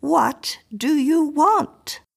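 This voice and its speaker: A woman's voice: fairly high pitch, sing-song, measured pace, full character voice. A woman voicing a timid, flustered older woman who talks hesitantly and nervously in a storybook reading.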